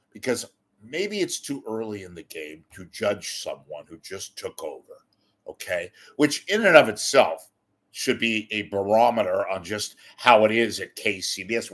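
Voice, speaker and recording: A man's voice: lowish voice, a bit bright. A man delivering a ranting commentary, exasperated, sarcastic and blunt, with occasional profanity. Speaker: media commentator.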